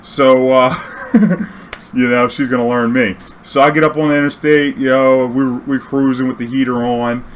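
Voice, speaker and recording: A man's voice: medium pitch, normal speed, a little hiss or hum. A man telling a casual, profane story, acting out the dialogue as he goes. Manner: profane, animated, acts out quoted dialogue. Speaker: storyteller and streamer.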